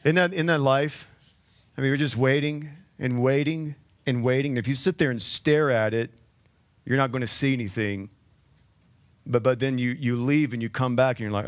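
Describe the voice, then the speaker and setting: A pastor with a medium-pitched voice preaches at a moderate pace. His sermon is conversational, peppered with joking asides to the congregation and frequently repeated words.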